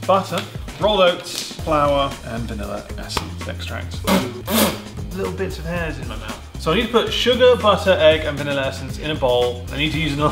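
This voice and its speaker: A man rambling through a casual cooking vlog in a kitchen, with dry jokes as he bakes. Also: fairly high pitch. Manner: deadpan, rambling jokey commentary. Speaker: vlogger baking cookies. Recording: echoey kitchen with music bed.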